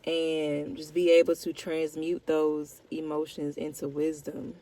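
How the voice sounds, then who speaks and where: A young woman talking candidly to her viewers in a vlog, slow, reflective and heartfelt, with casual slang. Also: deep voice, monotone, warm tone. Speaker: vlogger. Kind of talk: candid personal check-in.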